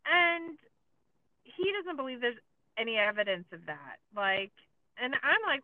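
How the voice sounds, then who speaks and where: A woman's voice: fairly high pitch, big pitch swings, unhurried, dry recording. A woman chats through a documentary recap as a podcast co-host. She leans on filler likes and sarcastic asides. Her voice comes through a tinny, phone-like line in a dry, close sound. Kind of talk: casual chat recapping a documentary.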